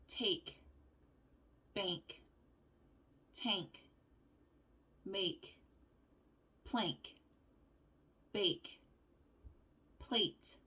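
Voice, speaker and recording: A woman teaching vowel sounds, reading word lists aloud slowly with calm pauses. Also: mid-range voice, breathy edge. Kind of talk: slow word-by-word vowel practice.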